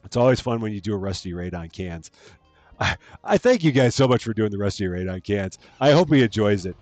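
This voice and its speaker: A man's voice: fairly low pitch, animated, fairly quick, a little mellow, dry recording, faint music behind. A man chatting casually on a live game stream, rambling with lots of fillers and repeated words. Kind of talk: casual live-stream chat while playing.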